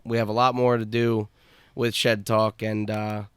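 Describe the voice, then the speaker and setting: A young man hosting a casual podcast, talking in a laid-back, halting way with lots of fillers. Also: on the low side, level tone, smooth, no echo, clean studio sound. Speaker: podcast host.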